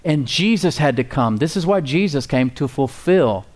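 This man's voice sits fairly high, expressive and a little mellow, moving at a moderate pace. He's a pastor delivering a sermon in church to a responsive congregation, emphatic but easygoing, leaning on repeated key words, calls for amens, fillers, and folksy asides.

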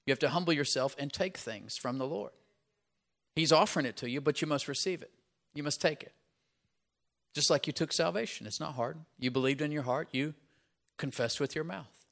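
Middle-aged male pastor, mid-pitched, delivering a sermon: chatty asides, then surging emphasis on his key lines. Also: moderate pace, vocal fry, pauses often. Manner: emphatic preaching, rising loud on key points; conversational asides with repeated "right?".

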